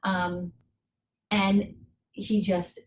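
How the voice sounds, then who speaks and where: Middle-aged woman sharing a story on a coaching call, earnest, slows down on the big points, roomy echo. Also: mid-range voice, little pitch movement. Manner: earnest, reflective, slows to stress key points. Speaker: guest speaker on a coaching call. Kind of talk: personal story with motivational advice.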